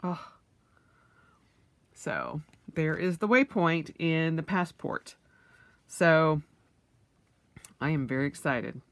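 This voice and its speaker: A woman's voice: deep voice, sing-song, slow pace, pauses often, no room sound. A woman vlogger, middle-aged, unboxing purchases in a casual vlog, gushing with oohs and yays.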